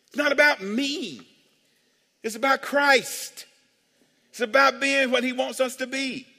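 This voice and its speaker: A high-voiced man preaches with a lively, swooping delivery, teasing his congregation and asking for amens. His bright, forceful voice rings out with a long church reverb trailing behind every line. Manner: animated, joking, calls for amens. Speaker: pastor. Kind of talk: sermon. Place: church sanctuary.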